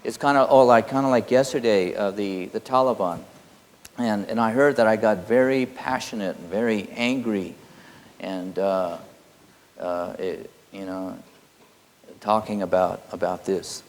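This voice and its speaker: Slow, halting male spiritual teacher. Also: on the low side. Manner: halting, many fillers, quietly intense. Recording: long hall reverb.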